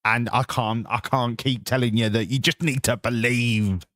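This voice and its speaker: A man's voice: medium pitch, steady tone, moderate pace, a bit bright, dry recording, studio quality. Sweary English man chatting to his stream. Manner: swearing, banter with chat. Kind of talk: casual live-stream chat.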